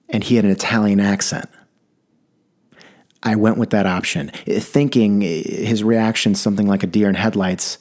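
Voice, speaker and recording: A man's voice: on the low side, a little mellow. A man telling a wry personal story about a passenger, with a dry delivery. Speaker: rideshare driver telling a story.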